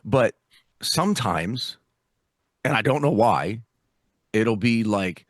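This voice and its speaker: A man's voice: on the low side, expressive, slow, no room sound, studio quality. A man co-hosting a podcast in casual chat, swearing freely and calling his friend "dude". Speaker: podcast co-host.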